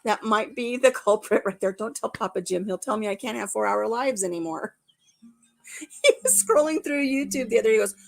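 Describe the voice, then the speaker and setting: An older woman chatting casually to her viewers on a live stream. She rambles cheerfully and laughs at herself often. Her voice sits a touch above the usual pitch. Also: a little fast, creaky. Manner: chatty, laughing, self-deprecating. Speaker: vlog host.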